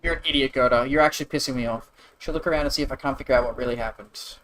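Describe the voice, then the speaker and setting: Sweary, sarcastic streamer. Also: male voice, mid-range voice, racing, fairly bright tone, poor audio. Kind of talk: live game commentary and reading. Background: game music.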